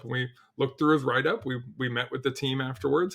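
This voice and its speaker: Gravelly, animated middle-aged man. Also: mid-range voice, fast, hardly any pauses. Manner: animated storyteller, acts out quotes, frequent "like" and restarts. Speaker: podcast guest, cybersecurity leader. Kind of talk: casual interview chat.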